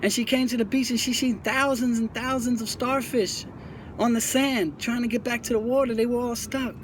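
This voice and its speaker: A man's voice: very high voice, steady tone, moderate pace, a little hiss or hum. A man, hosting his own channel and giving earnest, repetitive advice to young viewers in a casual monologue, often stumbling and restarting. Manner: preachy, repeats himself, stumbles and restarts often. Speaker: YouTube host talking about prison life.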